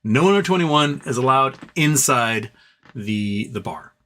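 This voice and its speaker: A man's voice: medium pitch, animated, a little slow, fairly bright tone. Brief: foul-mouthed male host spinning long, rambling anecdotes off the cuff. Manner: rambling, profane, repeats phrases for effect. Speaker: live show host. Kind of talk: casual storytelling.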